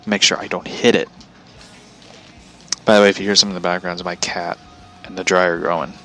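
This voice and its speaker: A man's voice: sits low, little pitch movement, a little fast, bright, forceful tone, soft background music. A man hosting his show from home, telling a story as a profane, aggravated rant. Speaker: show host. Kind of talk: ranting storytelling.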